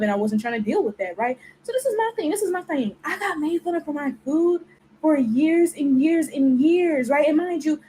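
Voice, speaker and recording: A woman's voice: high voice, darkish tone, a little hiss or hum, rough recording. A woman giving a blunt, exasperated rant with mocking imitations. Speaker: commentator. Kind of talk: ranting video commentary.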